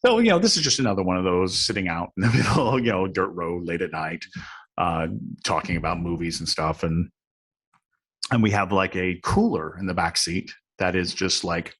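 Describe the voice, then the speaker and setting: A man who is a podcast guest, telling a story in a lively, dramatic and self-mocking way. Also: deep voice, normal speed, breathy edge. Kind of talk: animated storytelling in a chat.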